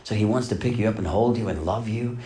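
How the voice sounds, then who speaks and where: A middle-aged pastor preaching a sermon, dropping to hushed lines and then swelling to loud, emphatic passages. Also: male voice, lowish voice, quick pace.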